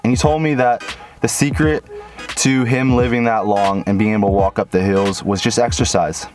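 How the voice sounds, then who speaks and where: An earnest man shares life lessons in a reflective storytelling vlog, his talk shifting between quiet musing and sudden excitement. He speaks outdoors in a park. Music plays clearly behind his voice. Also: fairly low pitch, normal speed. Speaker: vlogger. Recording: music playing over the voice.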